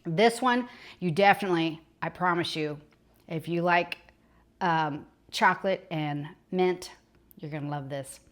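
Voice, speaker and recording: A woman talks slowly and unhurriedly as she films a casual baking vlog at home. She gushes and exclaims often, and her voice is picked up by a small clip-on microphone in her kitchen. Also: fairly low pitch.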